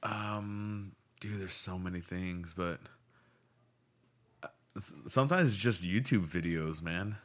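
A man's voice: low-pitched, slow, pauses often, a bit bright. A young man co-hosting a casual podcast, laid-back, calling people "man" and "dude". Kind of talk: casual chat.

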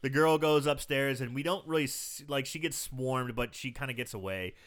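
A man with a bright, forward voice talks through a horror movie's plot in a relaxed chat. He narrates scene after scene and drops into the characters' lines as he goes. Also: medium pitch, moderate pace. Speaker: podcast co-host. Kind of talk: casual movie recap chat.

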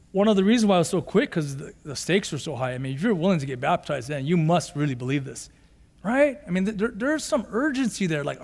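High-voiced pastor preaching in a reverberant hall. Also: male voice, vocal fry. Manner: conversational preaching, acts out quotes, repeats lines for emphasis. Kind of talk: sermon. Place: church sanctuary. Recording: long church reverb.

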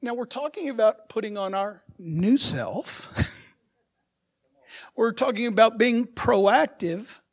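Animated male pastor preaching. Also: sits high, slow. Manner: animated preaching with rhetorical questions to the congregation; swings between soft asides and loud emphatic bursts. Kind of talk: sermon.

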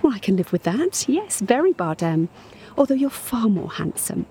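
An actress in an audio drama playing a lonely, obsessive middle-aged woman who fixates on a stranger, talking in a hushed, dreamy, intimate way and sometimes whispering. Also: on the high side, big pitch swings, normal speed, slight background noise. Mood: dreamy, infatuated.

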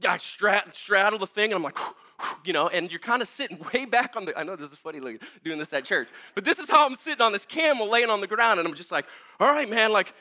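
Bright, high-voiced pastor telling a story. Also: male voice, fast talker. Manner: animated, laughing, casual storytelling with frequent fillers. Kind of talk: storytelling sermon.

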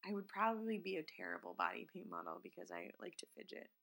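A talkative woman co-hosting a casual podcast, with a bright, forward tone. She tells stories with lots of energy and acts out other people's lines in playful voices. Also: low voice, fast, creaky. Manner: chatty, animated, acts out quotes in silly voices. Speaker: podcast co-host. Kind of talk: casual chat.

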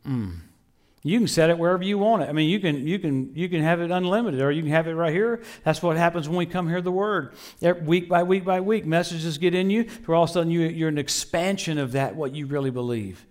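A middle-aged man preaching a sermon, telling stories with lively swings between loud bursts and low murmurs, laughing often. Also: fast. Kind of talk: sermon with storytelling.

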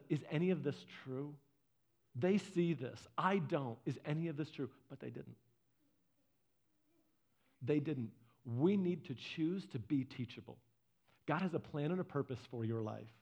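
A male pastor delivering a conversational sermon, telling stories and swinging from loud to hushed. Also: high-pitched. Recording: dull lo-fi sound.

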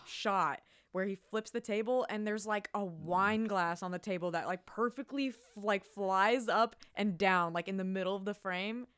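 A woman's voice: mid-range voice, moderate pace, few pauses, a bit bright, smooth. A young woman in casual podcast chat, laughing often and chiming in with crude jokes about a movie. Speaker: podcast co-host.

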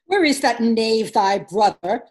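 An outraged noblewoman mother from a stage play, read by a woman, in a high voice that leaps widely. She speaks slowly and commandingly. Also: expressive. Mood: indignant. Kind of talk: Shakespeare scene reading.

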